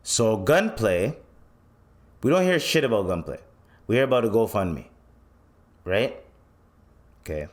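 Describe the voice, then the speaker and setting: A Canadian podcaster speaks fairly low, keeping a measured pace broken by long pauses. In a loose, profanity-laced commentary rant, he tells stories animatedly and acts out what others said.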